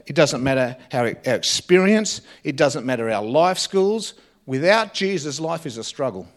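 A man preaching a sermon, earnest, with frequent pauses and phrase endings that drop soft. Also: a little high. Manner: earnest, pausing often and dropping softly at phrase ends.

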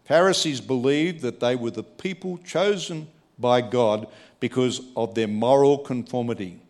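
A man preaching a sermon, emphatic, moving between quiet asides and a raised voice. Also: mid-range voice, unhurried. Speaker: pastor.

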